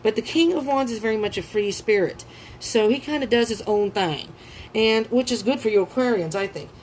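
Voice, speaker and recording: A woman giving a tarot reading who gushes with excitement, swears freely and breaks into gasps and laughter. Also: on the high side, a little fast, slight background noise, poor audio. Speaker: tarot reader.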